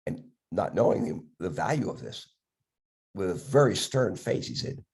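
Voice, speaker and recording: An older man, a dentist with a cough from a respiratory illness, telling stories in a podcast chat, acting out the voices in his anecdotes with halting restarts. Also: low voice, lively intonation, vocal fry, darkish tone. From Philadelphia area, USA. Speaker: dentist guest.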